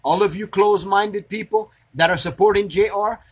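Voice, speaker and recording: A man's voice: high voice, fairly even intonation, moderate pace, husky. A man delivering an angry, preachy rant to an online audience, firing off rhetorical questions and repeating himself for emphasis. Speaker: commentator reacting to social media drama. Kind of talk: angry ranting monologue.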